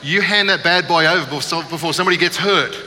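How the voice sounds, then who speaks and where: A pastor tells a funny story from the pulpit in a lively way. His voice sits a little high and sounds very bright. It echoes through a church hall over a faint hum. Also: quick pace. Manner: humorous storytelling, animated. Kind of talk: sermon.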